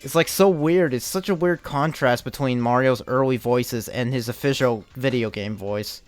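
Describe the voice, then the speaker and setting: A man's voice: mid-range voice, moderate pace, clear, resonant tone. A young man chatting casually as he streams a game, rambling and restarting his sentences, with the odd curse thrown in. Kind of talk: casual live-stream commentary while playing.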